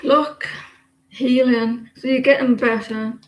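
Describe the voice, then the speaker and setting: A woman's voice: on the high side, fairly even intonation, takes it slowly, reverberant, poor audio. A woman giving casual, teasing tarot readings on a live stream, chatting to viewers and laughing often.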